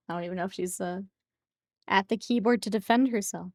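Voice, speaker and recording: A woman's voice: medium pitch, brisk, darkish tone, no room sound, clean studio sound. A woman streaming while she paints miniatures, chatting playfully with viewers and laughing often. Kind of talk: casual chat with live chat while painting.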